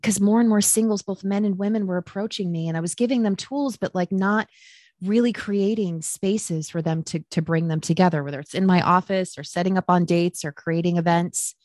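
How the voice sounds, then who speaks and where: A matchmaker from the American Midwest speaks briskly as a podcast guest, telling her story in a casual chat. She acts out quotes animatedly with a higher pitch, and the recording is dry and clean, studio-style.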